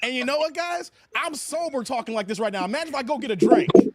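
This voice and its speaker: A man on a live stream panel, excitable and teasing, repeating himself and laughing as he talks. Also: very high voice, fast talker. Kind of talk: rowdy group chat with laughter.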